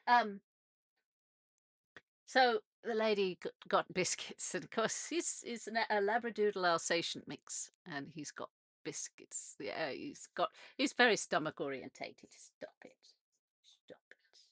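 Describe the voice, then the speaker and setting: A British woman hosts a casual radio monologue from a narrowboat on a canal, chatty and meandering, often restarting and letting out little laughs. Her medium-pitched voice has lively intonation, a measured pace and a fairly bright tone, recorded dry at studio quality.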